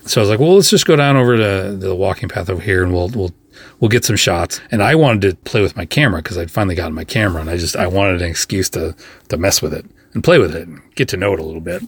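A man with a lowish, husky voice talks through a story in a loose, rambling way, full of asides and fillers. The sound is dry and close, with no room around it. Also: no room sound. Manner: chatty, rambling, with frequent fillers and quick asides. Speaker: podcast host. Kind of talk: casual storytelling monologue.

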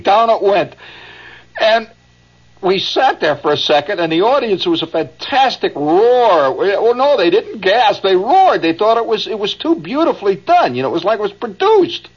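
A man's voice: high voice, big pitch swings, normal speed, husky. A man hosting a radio show, telling a rambling anecdote with chuckles and asides, recorded as a dull old broadcast. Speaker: radio host.

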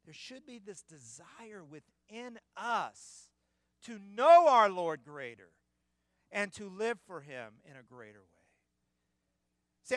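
A man preaching a sermon in a church, emphatic and building to loud peaks. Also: high-pitched, dry recording. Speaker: pastor.

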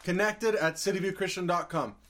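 A man's voice: sits high, a little fast, a bit bright. A man joking around as a contestant on a casual podcast, then signing off the episode. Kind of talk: casual banter.

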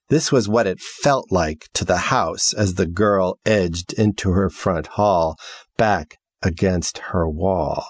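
A man reads a story aloud in a low, husky voice, moving freely up and down as he narrates. His delivery is measured and expressive, and the recording is close and completely dry. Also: dry recording. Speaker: audiobook narrator. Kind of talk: scripted narration.

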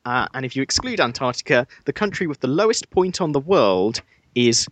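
A man's voice: medium pitch, sing-song, a little fast, a bit bright, dry recording. A man with an English Midlands accent co-hosting a podcast, chatting casually with dry, self-mocking humor and plenty of ums. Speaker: podcast co-host.

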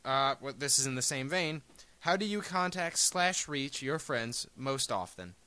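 A man's voice: medium pitch, lively intonation, measured pace, sharp tone. A young man co-hosting a casual chat show, telling rambling joking stories. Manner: rambling, jokey storyteller. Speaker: podcast co-host. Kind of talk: casual banter.

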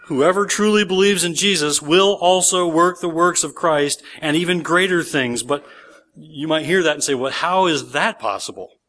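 A pastor preaching in church with a fairly high voice. He reads scripture passages aloud with emphasis, then explains them verse by verse in an earnest preaching manner. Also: normal speed, a bit bright. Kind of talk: sermon.

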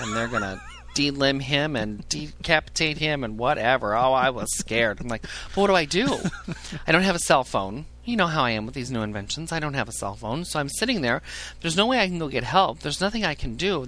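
A man spins a crude, funny story with a bright, forceful voice. He talks in an animated, profane way and keeps laughing at his own jokes as he goes. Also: mid-range voice, slight background noise. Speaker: podcast storyteller.

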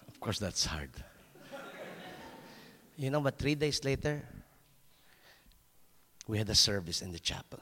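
A man preaching a sermon as a pastor, telling a personal story in an animated way, laughing at himself and stumbling over restarts. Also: on the low side, measured pace, pauses often, big-room sound.

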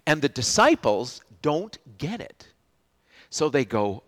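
A man preaching a sermon as a pastor, telling the story with lots of restarts and swings from loud to hushed. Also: fairly high pitch, big pitch swings, slow pace.

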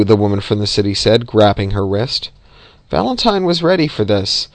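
A man's voice: lowish voice, moderate pace, no echo. Man reading a novel aloud. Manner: even, occasional slips and sighs. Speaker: narrator.

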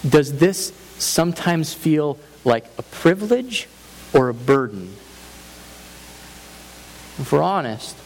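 A man's voice: a little high, lively intonation, slow, long pauses, darkish tone, poor audio. A man preaching a sermon as pastor, earnest and emphatic, building points through repeated phrases. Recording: faint hiss.

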